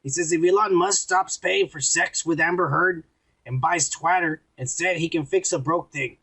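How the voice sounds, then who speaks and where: Podcast co-host, male, fairly high raspy voice with fry, loose and profane. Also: normal speed, sharp tone. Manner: swears a lot, reads viewer comments aloud. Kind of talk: casual drunk podcast banter.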